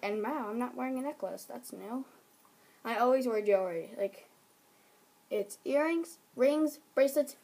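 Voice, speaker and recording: A woman's voice: on the high side, a little mellow. A teenage girl vlogging in a casual chat, talking in a giggly way and jumping from topic to topic. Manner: chatty, giggly, jumps between topics.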